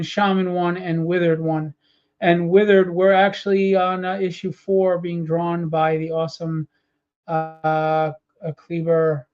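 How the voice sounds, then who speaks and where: A man's voice: sits high, darkish tone, muffled recording. A tired man presenting his comic book campaign live, rambling with many fillers and openly annoyed at what has gone wrong. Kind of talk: casual live-stream walkthrough.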